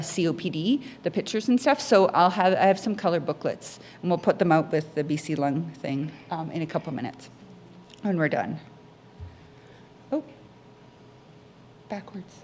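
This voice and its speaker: A woman giving a health education talk on breathing techniques, lively and acting out patients' words in her stories. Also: on the low side, slight background noise. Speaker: pulmonary rehabilitation educator.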